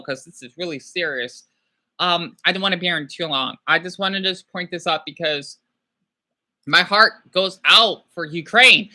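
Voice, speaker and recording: A man hosting a casual livestream, rambling and excitable, often apologizing as he talks. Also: high-pitched. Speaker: livestream host.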